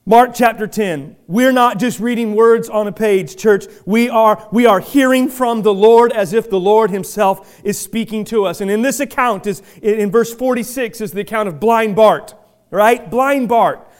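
High-voiced preaching man. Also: unhurried, clear, resonant tone. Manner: preaching with many restarts, rising to loud emphatic shouts. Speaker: pastor. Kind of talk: sermon.

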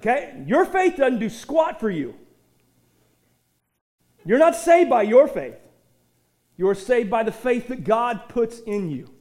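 A man preaching a sermon in an animated way, often repeating words as he goes and pushing out loud bursts of emphasis. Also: very high-pitched, slow pace, long pauses. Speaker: pastor.

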